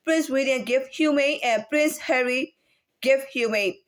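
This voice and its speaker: Speaking in a high pitch, a woman rambles casually on her own, stumbling through frequent restarts and filler words. At times she shows off various tones of voice.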